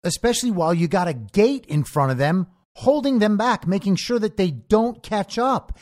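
A man's voice: normal speed, few pauses. A man hosting a podcast, delivering a sarcastic political commentary monologue. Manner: animated and sarcastic, with lively shifts in pitch. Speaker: podcast host.

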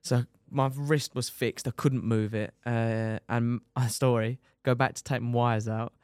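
A young man with a twang tells a racing crash story in a smooth, clear voice. He talks in a lively, casual way, swears freely and keeps calling the listener "mate". The sound is dry and close, with no room echo. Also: medium pitch, unhurried. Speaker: podcast guest, motorcycle racer.

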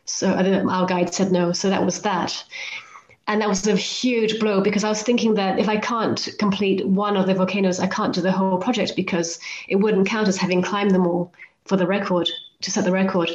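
A woman's voice: medium pitch, level tone, a little fast. A woman guest on a podcast telling her travel stories in a chatty, self-deprecating way and acting out the lines people said to her. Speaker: guest author and volcano climber. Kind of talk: anecdotal storytelling in a podcast interview. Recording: roomy, slightly dull remote audio.

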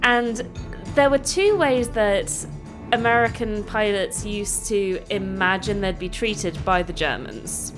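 A woman's voice: mid-range voice, slow pace, music in the background. A woman co-hosting a podcast, telling a history story in a chatty, playful way. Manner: chatty, playful, many fillers. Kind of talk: casual storytelling chat.

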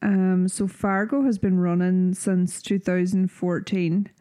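A young Irish woman with a Donegal accent chats on a podcast, her voice sitting a little low. She rambles easily through fillers and asides. The mic is close and dry, with no room sound. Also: steady tone, slow, mellow, no room sound. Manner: chatty, rambling with fillers and wee. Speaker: podcast co-host. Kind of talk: casual chat.

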